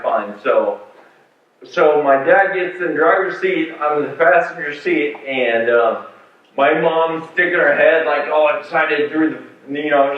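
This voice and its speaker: Slow-talking man in an echoey hall. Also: a little high. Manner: storytelling, many fillers and restarts. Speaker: speaker sharing a patient story. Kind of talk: conference talk with slides. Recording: far-off mic in echoey hall, phone-like sound.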